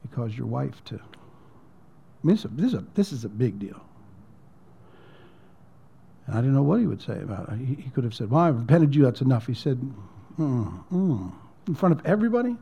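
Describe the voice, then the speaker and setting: Pastor telling a story, lo-fi. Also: male voice, mid-range voice, lively intonation, brisk, vocal fry, long pauses, slightly rough. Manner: conversational, repeats words, drops to near-whisper at emotional points. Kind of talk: sermon storytelling.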